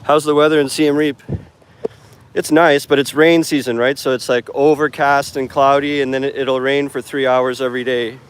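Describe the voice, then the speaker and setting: A man's voice: mid-range voice, level tone, moderate pace, slight background noise. A man chatting casually in a live stream while walking outdoors along a city street, talking into his phone in a rambling way with lots of fillers. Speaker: English teacher and vlogger. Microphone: phone camera held while walking.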